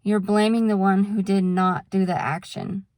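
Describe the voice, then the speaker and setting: A woman's voice: mid-range voice, moderate pace, a little mellow, no echo, studio quality. A woman vlogger talking casually to camera, explaining things patiently with examples and drifting into a frank rant. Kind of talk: casual talking-head monologue.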